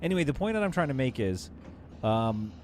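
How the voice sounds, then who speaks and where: A man's voice: mid-range voice, very animated, brisk, a little mellow, a little hiss or hum. A man with a somewhat Canadian accent, chatting playfully through a live gameplay stream and answering his chat as he goes. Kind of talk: casual live gameplay commentary.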